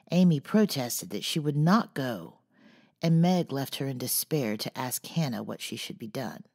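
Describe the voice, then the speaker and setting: A woman narrating an audiobook in a soft, measured way, sometimes nearly whispering, with a husky voice. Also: extremely low pitch. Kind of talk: audiobook reading.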